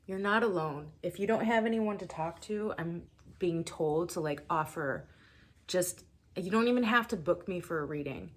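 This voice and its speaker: A woman giving a spiritual reading to camera, casual and emotional, talking straight to her viewers. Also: sits low. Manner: emotional, casual, swearing, speaks to viewers as collective. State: emotional, near tears. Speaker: tarot reader.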